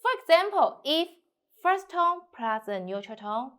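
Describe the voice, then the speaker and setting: A woman with a Mandarin Chinese accent teaching a language lesson at a slow, unhurried pace. Her voice sits a little high, and her simple English runs in a singsong way as she models each tone. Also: sing-song, bright, forceful tone.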